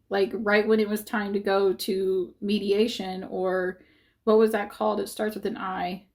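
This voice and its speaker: A woman's voice: mid-range voice, little pitch movement, a little slow, darkish tone. A woman talking casually to her viewers, rambling with many fillers and self-corrections, upset and defensive, close to tears at times. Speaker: vlogger.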